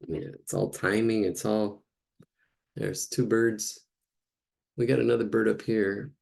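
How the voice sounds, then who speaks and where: Guy teaching a drawing class live, kinda low gravelly voice, just rambling while he draws. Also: fairly even intonation, normal speed, a little mellow. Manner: rambling, chatty, thinks aloud while drawing. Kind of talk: casual live drawing lesson.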